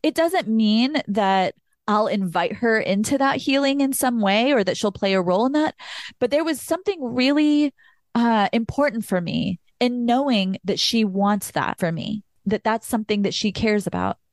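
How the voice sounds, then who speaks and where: A woman's voice: a little high, animated, normal speed, no echo, studio quality. A young adult woman hosting a podcast, talking openly and emotionally about healing from her relationship with her mother. She says "like" often and swears now and then. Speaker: podcast host. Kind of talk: personal reflective monologue.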